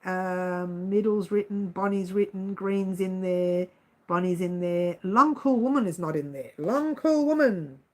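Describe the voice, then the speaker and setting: A woman hosting a casual livestream, chatting to her viewers by name in an animated way. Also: mid-range voice, a little slow, poor audio. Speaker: livestream host.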